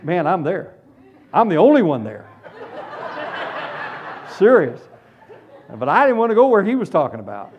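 A man preaching a humorous sermon testimony, telling his story in an animated, self-deprecating way. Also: sits high, moderate pace, pauses often, a little hiss or hum. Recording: dull lo-fi recording.

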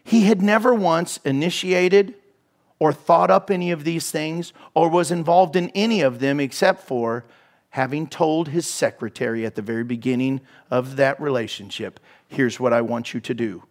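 High-voiced man preaching a lively sermon. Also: normal speed. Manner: animated storytelling, drops to soft whispers for emphasis. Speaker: pastor. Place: church hall.

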